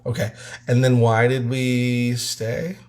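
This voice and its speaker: A man's voice: mid-range voice, little pitch movement, takes it slowly. A middle-aged man co-hosting a live stream, teasing and joking about himself. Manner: dry, self-deprecating teasing. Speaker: co-host, artist. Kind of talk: casual live-stream banter.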